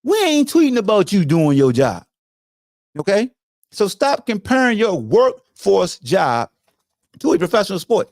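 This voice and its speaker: A man's voice: high-pitched, big pitch swings, unhurried, a little mellow, dry recording, studio quality. A man hosting a sports podcast, ranting in a casual, profane, lecturing way. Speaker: podcast host. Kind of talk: casual sports commentary rant.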